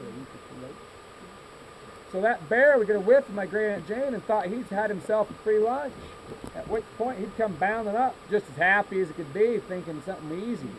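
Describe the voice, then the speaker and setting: High-voiced man spinning folksy tall tales outdoors. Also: poor audio. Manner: deadpan exaggeration with asides to listeners. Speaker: campfire storyteller for a scout troop. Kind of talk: folksy tall-tale storytelling. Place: outdoors in a meadow. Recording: outdoor recording with loud insects and traffic.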